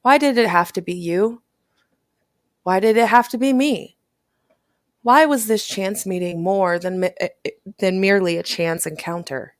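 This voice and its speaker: A woman's voice: medium pitch, normal speed, no room sound, studio quality. A woman hosting a livestream, reading a text aloud with stumbles and restarts. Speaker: livestream host.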